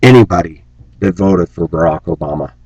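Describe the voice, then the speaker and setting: A man's voice: a little fast, darkish tone, husky, no room sound, dull audio. A man delivering an angry, preachy rant on his vlog, scornful and sarcastic. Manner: mocks opponents in shrill put-on voices. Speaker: vlogger.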